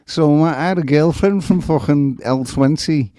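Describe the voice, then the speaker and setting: A man hosting a stream, chatting casually in sweary, excitable banter. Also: fairly high pitch, normal speed, dry recording, clean studio sound. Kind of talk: casual chat.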